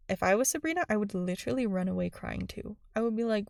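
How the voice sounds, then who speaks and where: A young woman giving casual, animated commentary on a cartoon episode, chatty and full of "like" fillers. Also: mid-range voice, fast, vocal fry, hardly any pauses, dry recording, studio quality.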